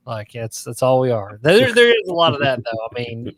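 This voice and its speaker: A man's voice: medium pitch, very animated, quick pace, few pauses, fairly bright tone, dry recording. A man telling loose, rambling stories in casual live-stream chat. His voice sits mid-height and sounds dry and close. He talks with a laid-back, easygoing manner. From Tennessee, USA.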